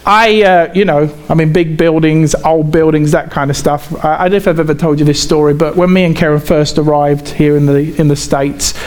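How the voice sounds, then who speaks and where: A man with an English accent preaching a sermon in a conversational way, halting and often repeating himself. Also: a little high, fairly even intonation, darkish tone. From England.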